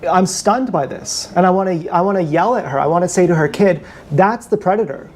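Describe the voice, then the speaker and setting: This vlogger's high, darkish voice moves a little fast as he rants on a live stream shot with an action camera. He sounds bitter and scornful, circling back to the same points often, over a faint hiss or hum.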